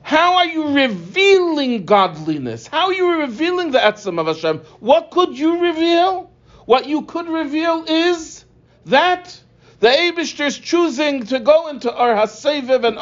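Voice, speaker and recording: A man's voice: very high-pitched, expressive, measured pace. A man teaching a religious text line by line, explaining and asking rhetorical questions. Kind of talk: text-study lesson. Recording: dull lo-fi recording.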